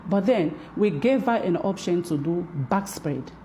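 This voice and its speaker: A woman's voice: fairly low pitch, animated, a little slow, warm tone, slight background noise. A woman who owns a hair braiding shop, talking through her side of a dispute in a video monologue with repetitive, emphatic, sometimes heated phrasing.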